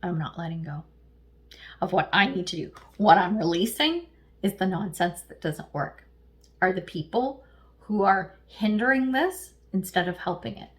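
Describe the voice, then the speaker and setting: A middle-aged woman giving a casual, chatty tarot reading, lively and slangy, often laughing. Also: fairly low pitch, normal speed. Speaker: tarot reader.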